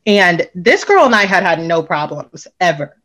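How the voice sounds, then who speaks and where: A young woman co-hosting a casual chat, telling a story and acting out the quotes with big jumps in pitch. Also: sing-song, normal speed, a bit bright. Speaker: podcast co-host.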